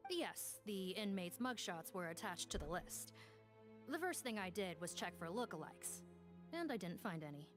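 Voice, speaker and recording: A brisk, skeptical officer. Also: female voice, fairly low pitch, very animated, soft background music. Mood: matter-of-fact.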